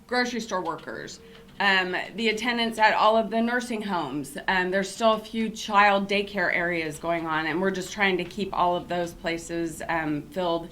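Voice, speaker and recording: A woman's voice: lowish voice, moderate pace, fairly bright tone, a little hiss or hum. A middle-aged woman hosting a casual talk show, chatty and upbeat, with many fillers. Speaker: show host and company CEO.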